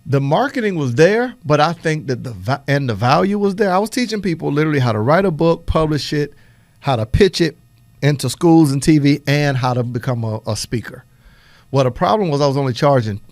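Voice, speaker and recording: A man hosting a business podcast, giving energetic motivational talk in a preacherly way and laughing often. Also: on the high side, no echo. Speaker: podcast host.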